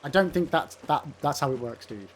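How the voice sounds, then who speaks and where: A little high and expressive, the voice of this English streamer moves slightly fast as he commentates on live gameplay. He teases and banters with his chat and has sudden sweary outbursts at the game, heard over slight background noise.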